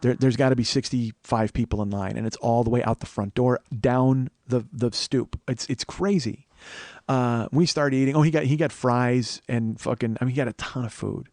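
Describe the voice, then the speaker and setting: A man from Chicago, a podcast host, telling a long comic story in a profane, animated way. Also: medium pitch, normal speed, no room sound, studio quality. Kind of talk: comedic storytelling monologue.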